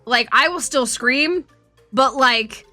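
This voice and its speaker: A woman's voice: high-pitched, slow, pushed and bright, dry recording, soft background music. A woman streamer chatting casually, telling rambling stories and swearing a lot. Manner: profane, rambling storytelling. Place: home streaming setup.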